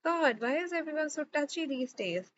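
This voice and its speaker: A woman's voice: high voice, animated, moderate pace, lo-fi sound, slight background noise, pitched above the performer's own voice. A woman reading the part of a sly, mocking young man in an audiobook. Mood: teasing. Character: brash teasing young man, older brother.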